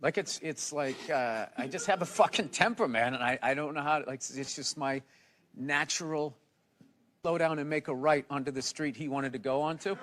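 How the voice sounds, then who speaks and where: A man from the United States, a guest comedian in a casual interview, ranting in a blunt, profane, animated way. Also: a little high, normal speed, background noise.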